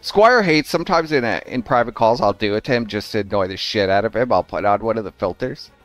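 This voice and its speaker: A man jokes and deflects blame in a casual group voice call. His middle-pitched voice moves lively, and the sound is dry and close. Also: a little fast, no echo.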